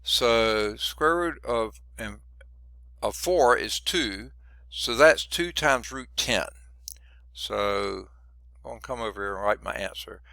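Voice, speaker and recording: A man who is losing his voice teaches a math lesson, working through each step out loud with muttered asides. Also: medium pitch, lively intonation, a little slow, dry recording. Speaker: math instructor. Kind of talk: recorded lecture working through problems.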